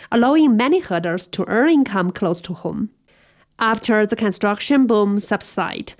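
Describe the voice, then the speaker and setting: A woman reading a scripted radio news report in an even, measured way. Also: medium pitch. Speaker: news reader.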